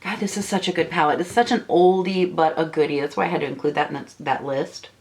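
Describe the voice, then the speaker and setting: A woman's voice: low-pitched, steady tone, fast, darkish tone. A young woman beauty vlogger chatting while she does her makeup, ranty and indignant, rambling with restarts. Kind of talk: casual chat while doing makeup.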